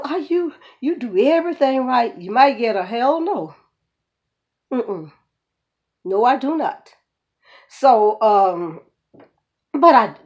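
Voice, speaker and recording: A woman's voice: medium pitch, muffled recording. Woman, northern-southern US accent blend, rambling storyteller, frequent laughter, community host. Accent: mixed Northern and Southern US. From United States. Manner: rambling, laughs often, speaks warmly to listener as "baby". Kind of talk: casual storytelling monologue.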